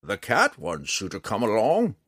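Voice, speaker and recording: A man voicing a wry, charming old male forest ranger in an audiobook, speaking slowly and theatrically. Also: huge pitch swings, a bit bright, slightly rough, no echo, clean studio sound, heavily acted. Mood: coaxing. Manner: slow, booming, theatrical delivery.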